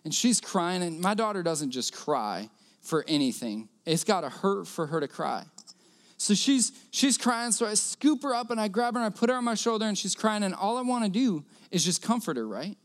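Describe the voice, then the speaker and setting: Male preacher, high and smooth voice, earnest sermon storytelling with repeated key lines. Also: sing-song, normal speed.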